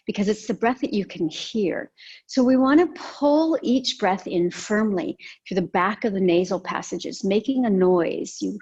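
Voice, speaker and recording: A woman teaching a yoga and breathing class, giving calm, gentle cues with soft pauses. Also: medium pitch, slightly rough, dull audio. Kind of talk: guided yoga and breathing instruction.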